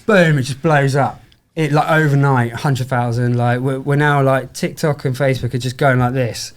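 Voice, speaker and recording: A middle-aged man talks through his story as a podcast guest, chatty and easy-going. He keeps slipping into little acted bits of dialogue, and his voice sits at an ordinary mid pitch. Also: moderate pace. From United Kingdom. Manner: chatty, acts out quoted dialogue with lively voice shifts. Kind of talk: casual storytelling interview.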